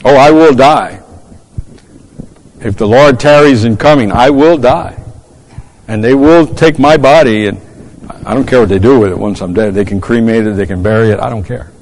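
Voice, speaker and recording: A man's voice: mid-range voice, moderate pace, long pauses, darkish tone. Male preacher, mid-range voice, fervent sermon with scripture quotes, long hall echo. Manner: fervent, repeats words, quotes scripture in old English.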